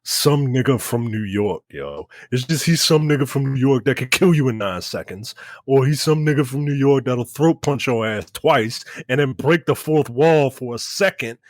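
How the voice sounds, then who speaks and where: A man's voice: medium pitch, moderate pace, no echo. A man co-hosting a casual film review podcast, riffing on an actor and repeating lines for emphasis with plenty of swearing. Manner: animated, profane, emphatic repetition. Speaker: podcast co-host.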